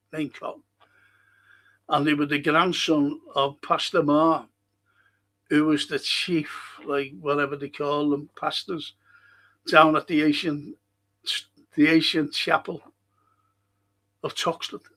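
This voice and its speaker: Slow-talking older Scouse man. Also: a little high. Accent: Liverpool (Scouse). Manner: chatty, rambling, excitable bursts. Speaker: livestream host reading chat. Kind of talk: casual chat reading viewer comments.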